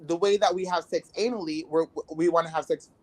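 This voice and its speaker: A woman's voice: on the low side, steady tone, brisk. A woman guest in a casual interview who talks bluntly and rambles, with many filler words. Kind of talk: casual candid conversation.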